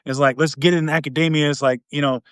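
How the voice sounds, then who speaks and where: A man hosting a podcast, telling a long dating story in a casual, animated way, acting out the quotes with big swings in pitch and volume. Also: quick pace, clear, resonant tone, dry recording, studio quality. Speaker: podcast host.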